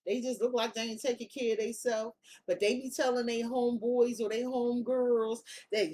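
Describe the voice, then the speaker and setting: High-voiced woman, tarot reader, casual monologue, slangy and emphatic with lots of cursing. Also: steady tone, normal speed, darkish tone. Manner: blunt, profane, slangy and emphatic.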